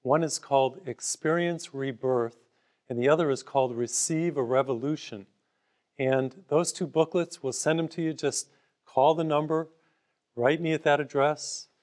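A man's voice: medium pitch, steady tone, moderate pace, darkish tone. A man preaching a broadcast sermon, telling everyday stories to make his point and offering free booklets to listeners. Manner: conversational storytelling with everyday parables.

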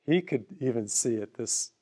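A man's voice: mid-range voice, animated, normal speed, mellow. A man preaching a broadcast sermon, telling everyday stories to make his point and offering free booklets to listeners. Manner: conversational storytelling with everyday parables.

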